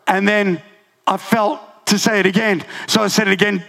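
A man preaching a sermon, telling a personal story with lively humor and frequent laughter. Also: high-pitched, moderate pace, creaky. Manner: animated storytelling, laughing often. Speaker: pastor.

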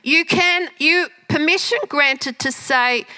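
A woman giving a lively talk to an audience, often restarting her sentences. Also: fairly high pitch, unhurried, poor audio. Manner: lively, animated, with frequent fillers and restarts. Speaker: speaker teaching communication skills.

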